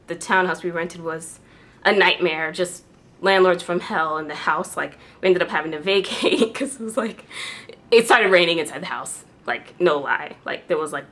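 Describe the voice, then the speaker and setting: Bright-voiced chatty woman vlogger. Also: fairly low pitch. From New York. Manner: chatty, lots of "like" and "um". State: tearful with joy. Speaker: beauty vlogger. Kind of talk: casual chat to camera.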